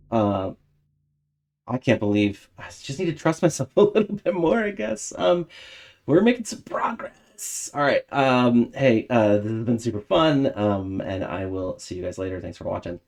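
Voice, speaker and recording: Casual gamer host, young man, mid-pitch, thinks aloud, excitable. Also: measured pace, gravelly. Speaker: gaming video host. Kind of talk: casual game commentary.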